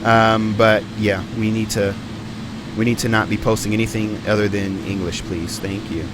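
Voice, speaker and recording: A man's voice: on the low side, flat delivery, moderate pace, background noise. A man giving live stream commentary on a flight simulator, rambling and thinking aloud with plenty of ums and uhs.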